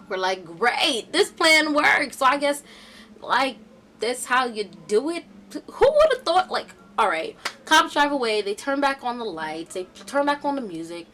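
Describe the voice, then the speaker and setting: A young woman vlogger telling a casual storytime, chatty and animated with slangy asides. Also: a little high, moderate pace, a little hiss or hum.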